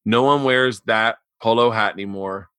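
A man hosting a podcast, telling stories in casual chat, animated with sudden loud, cursing outbursts. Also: fairly low pitch, moderate pace, clean tone, dry recording. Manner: animated storyteller, loud outbursts, swears a lot. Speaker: podcast host.

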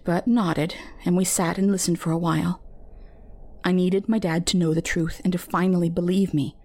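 A woman telling a first-person horror story in a measured, intimate storytelling manner. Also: medium pitch, a little mellow. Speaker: narrator. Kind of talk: scripted horror story narration.

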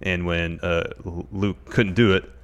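Male podcast co-host, lowish voice, animated and opinionated, casual news chat. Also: a little slow, smooth. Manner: animated, reads news items aloud, frustrated rants.

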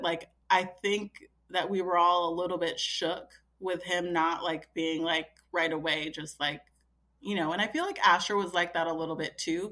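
A woman's voice: fairly low pitch, a bit bright. A woman in her thirties, a podcast guest telling a personal story in a chatty way, full of fillers and quoting herself. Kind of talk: casual storytelling.

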